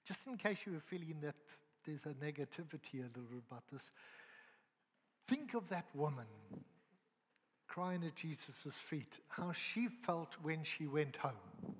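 Guy preaching, kinda high and husky, gets loud then goes real quiet, big echoey hall. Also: expressive, moderate pace. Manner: earnest, swings from loud emphasis to hushed tones. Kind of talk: sermon. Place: church or hall at a prayer gathering. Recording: long reverb of a large hall.

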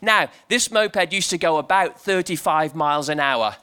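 A man preaching to a crowd in an animated, playful storytelling style, leading the crowd in shouting. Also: fairly high pitch, normal speed, clear, resonant tone. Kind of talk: lively storytelling sermon to a crowd.

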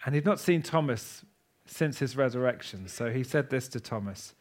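A man preaching a sermon to a congregation in a church. He talks with passion, swinging between loud declarations and hushed asides. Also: mid-range voice, lively intonation, normal speed.

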